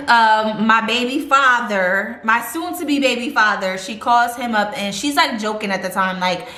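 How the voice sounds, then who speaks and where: A woman's voice: on the high side, normal speed, few pauses, sharp tone. Chatty young woman in an echoey room. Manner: chatty, rambling, lots of fillers. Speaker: vlogger. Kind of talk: casual storytime.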